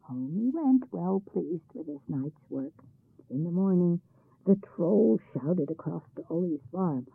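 A woman narrating a folk tale in a lively, expressive reading. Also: fairly low pitch, unhurried, gravelly, husky. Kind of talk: storybook narration. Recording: tinny phone-like sound.

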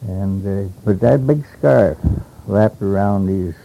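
An older man from Alaska recalling old stories in a rambling, halting way, with many hesitations and chuckles, on a dull lo-fi tape. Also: fairly low pitch, vocal fry, mellow. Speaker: interviewee. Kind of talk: oral history reminiscence.

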